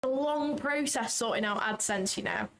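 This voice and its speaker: A woman's voice: on the high side, normal speed, a bit bright, a little hiss or hum. A young British woman hosting a casual livestream, joking and bantering with her chat and cursing now and then. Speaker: livestream trading host.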